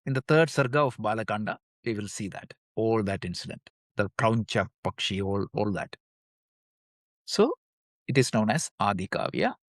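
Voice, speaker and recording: A man's voice: on the low side, fairly quick, hardly any pauses, no room sound, studio quality. A man teaching a live study class, who poses questions and answers them himself and recites verses in between.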